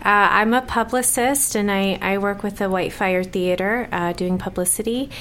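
A woman from Texas chats on the radio in a friendly, mid-pitched voice. Her tone is soft and polite, broken by "um"s and small laughs, on a studio mic she shares with other guests. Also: fairly even intonation, moderate pace, a little hiss or hum. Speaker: publicist guest. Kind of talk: casual radio interview. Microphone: shared studio microphone.

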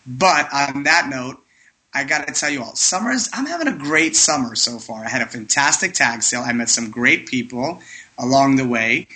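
A man's voice: mid-range voice, lively intonation, normal speed, bright, forceful tone, rough recording. A man hosting a radio talk show, chatting casually and effusively as he thanks guests, plugs sponsors and gives his listeners earnest advice. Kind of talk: casual radio talk, sign-off and shout-outs.

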